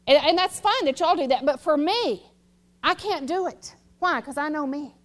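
A woman preaches a sermon from a church pulpit. Her voice is very high, and she delivers her message emphatically, often swelling into loud exhortation. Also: expressive, normal speed. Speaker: pastor. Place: church sanctuary.

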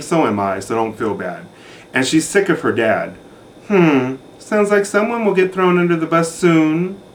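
A man's voice: mid-range voice, a little hiss or hum. A man giving a sassy, catty recap of a reality show in a campy, sarcastic manner.

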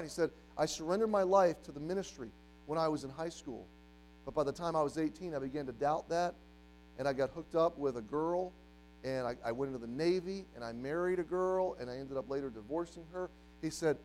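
A man preaching a sermon to a congregation, telling a story and moving from quiet, hushed passages to loud, emphatic ones. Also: on the high side, a little fast, faint music behind, rough recording. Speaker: pastor. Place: church.

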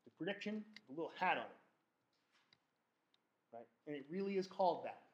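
A man's voice: fairly high pitch, animated, a little fast, highs cut off. A man lecturing a statistics class in an informal, joking way, often restarting and correcting himself. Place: lecture hall. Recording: echoey lecture hall.

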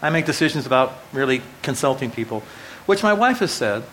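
A man's voice: medium pitch, big pitch swings, fairly quick, a bit bright, slight background noise, poor audio. A middle-aged man preaching a sermon to a live audience, telling personal stories in a casual way with self-deprecating jokes and asides to the listeners. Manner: conversational storytelling with self-deprecating humor; frequent restarts and asides to the audience. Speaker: pastor. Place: church hall before a live audience.

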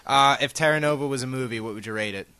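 Man, podcast co-host, blunt and wry, crude jokes, bright voice. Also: mid-range voice, fast. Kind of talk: casual podcast chat.

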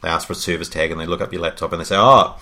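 A man co-hosting a casual tech podcast, telling stories in a wry, animated way. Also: low-pitched, very fast. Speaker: podcast co-host.

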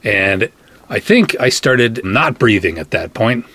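A middle-aged man hosting a podcast, telling a funny personal story and acting out the other people's lines in a husky voice. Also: fairly low pitch, slow. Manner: animated, acts out quoted voices. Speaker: podcast host. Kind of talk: comic anecdote, casual storytelling.

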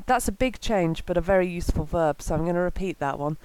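Female teacher, lowish voice, clear and measured delivery, dry studio sound. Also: lively intonation, a little mellow, dry recording, poor audio. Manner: clear, measured, slows to pronounce example words. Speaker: language teacher. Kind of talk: scripted podcast lesson.

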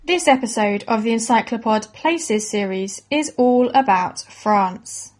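A woman explains things to young listeners in a clear, encouraging teacher's manner. Her voice sits a little higher than most. She reads a script at an even, unhurried pace. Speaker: presenter of a children's educational podcast. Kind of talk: scripted educational narration for children.

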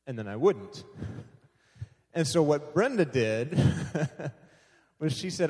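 A man's voice: medium pitch, animated, moderate pace, a little mellow. A man leading a church sharing time, talking conversationally and joking about himself with frequent laughter. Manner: conversational, self-deprecating, laughs often. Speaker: service leader. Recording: echoey hall.

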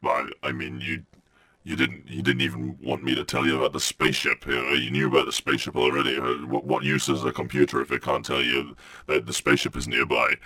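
Man voicing a spaceship computer, extremely deep, gravelly, sulky, needy, vain, comedic role-play. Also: level tone, brisk, bright, forceful tone, no echo, exaggerated voice. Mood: sulking. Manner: sulky, fishing for compliments.

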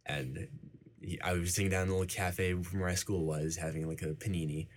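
A man's voice: deep voice, steady tone, a little fast. A young man, a university student, answering interview questions casually and rambling with many fillers. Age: young adult.

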